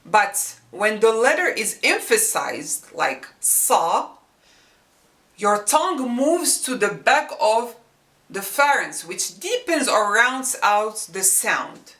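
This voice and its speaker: A woman teaching the sounds of a script in a language lesson, slowly repeating each sound to demonstrate it. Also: mid-range voice, big pitch swings, fairly bright tone. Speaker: Arabic teacher. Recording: echoey room, mic at a distance.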